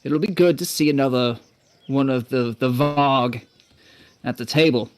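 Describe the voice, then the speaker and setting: Brief: man playing an old dwarf caravan leader, grave and measured. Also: mid-range voice, natural voice. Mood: wry. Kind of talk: tabletop role-play voice.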